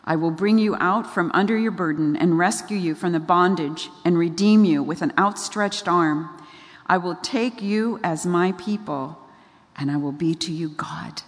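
A woman preacher quoting God in a measured, solemn, slow delivery, heard with long hall reverb. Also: lowish voice, lightly acted. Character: God, calm and commanding.

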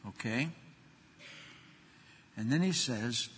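A man's voice: medium pitch, expressive, a little slow, pauses often, slightly rough. Older man preaching in a reverberant hall. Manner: emphatic, swings from loud to soft. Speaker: pastor. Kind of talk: sermon.

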